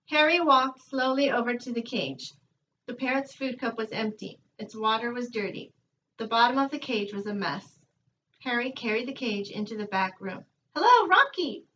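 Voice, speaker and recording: A woman teacher reading a children's book aloud to her students in a calm, measured storytelling manner. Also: fairly high pitch, recorded from a distance, dull audio, a little hiss or hum.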